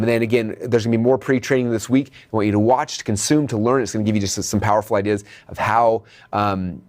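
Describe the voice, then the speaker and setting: Fast-talking upbeat male business coach. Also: fairly low pitch. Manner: energetic, direct, checks in with "okay?"; addresses viewers as "you guys". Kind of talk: motivational video training.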